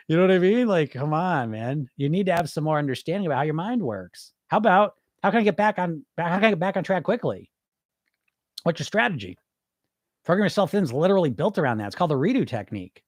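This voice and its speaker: High-voiced guy ranting bluntly at his listeners, swears a lot, dead dry close sound. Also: very animated, fast talker, no room sound. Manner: blunt, profane, rhetorical pep-talk; mimics listeners' excuses mid-rant. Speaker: podcast host, weight-loss coach. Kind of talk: solo podcast monologue.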